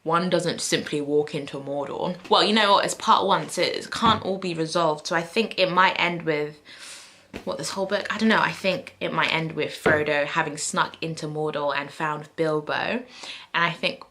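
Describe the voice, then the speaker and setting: A woman's voice: sits low, steady tone, normal speed, pushed and bright. Rambling young woman vlogging. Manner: rambling, thinks aloud with many fillers and self-corrections. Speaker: book vlogger. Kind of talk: casual chatty predictions to camera.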